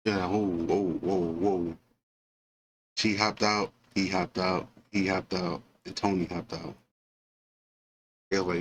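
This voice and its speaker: Slow-talking low-voiced man retelling a film. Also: a little hiss or hum, poor audio. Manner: animated storytelling, full of fillers and asides. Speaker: movie reviewer. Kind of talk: casual retelling of a film scene.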